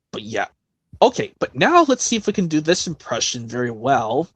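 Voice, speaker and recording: A man hosting a casual impressions stream, rambling with restarts and quick bursts of talk. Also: medium pitch, sing-song, fairly bright tone, slightly rough, no room sound. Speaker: stream host doing voice impressions.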